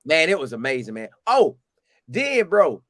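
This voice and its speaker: Casting note: animated Southern storyteller, a man with a high voice, recorded dry and close. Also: unhurried, no echo. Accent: Southern US, Florida. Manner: animated, acts out quotes in a higher voice. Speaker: storyteller recounting a game visit. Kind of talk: casual storytelling.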